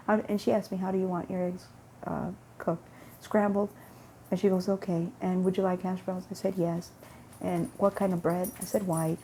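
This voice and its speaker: A woman with a gravelly, dark voice tells a long everyday story in a casual vlog, acting out what each person said. She rambles and repeats herself as she goes, and there is a faint hiss of background noise. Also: medium pitch. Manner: rambling, repeats words, acts out dialogue. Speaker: vlogger. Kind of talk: casual storytelling about faith.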